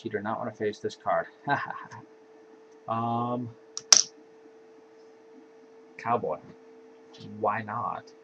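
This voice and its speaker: A man casually walking through his card game deck in an offhand, laid-back way, with sighs and yawns between cards. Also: medium pitch. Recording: dull lo-fi home recording with faint hiss.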